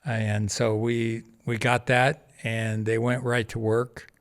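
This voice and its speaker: A man being interviewed on a podcast, telling a lively anecdote and acting out the other people's lines with frequent laughter. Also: medium pitch, takes it slowly, clear, resonant tone. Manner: animated anecdote-telling, acting out quoted voices, laughs often. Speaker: podcast guest, charity founder. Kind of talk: casual storytelling interview.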